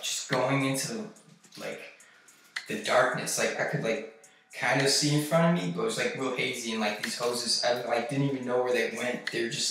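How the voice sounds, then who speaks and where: A man recounting a personal experience in a halting, rambling way, full of fillers and swearing. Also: mid-range voice, a bit bright, slight background noise. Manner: halting, filler-heavy, profane. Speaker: vlogger recounting a trip. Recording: very echoey, distant mic, music behind.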